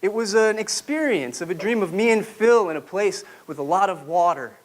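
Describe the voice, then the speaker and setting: A man with a high voice and lively intonation gives a personal testimony from a podium to a live audience, at a moderate pace. A public speaker, he tells his story reflectively and now and then puts questions to the audience.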